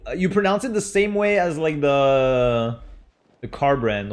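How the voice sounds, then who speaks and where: Lively French-accented young man, unhurried chat. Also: mid-range voice, faint music behind. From France. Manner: chatty, reads names aloud and laughs at them. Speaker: streamer. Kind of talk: casual live-stream chat.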